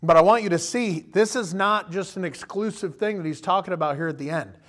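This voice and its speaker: A man in his thirties delivers a sermon in a loose, conversational way, his voice sitting high for a man. He keeps breaking into little acted-out voices of the people he quotes. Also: brisk. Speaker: pastor.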